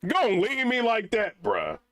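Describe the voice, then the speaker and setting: A man's voice: high-pitched, wildly swooping pitch, a little slow, a bit bright, dry recording. A young man vlogging in a casual, rambling rant full of slang.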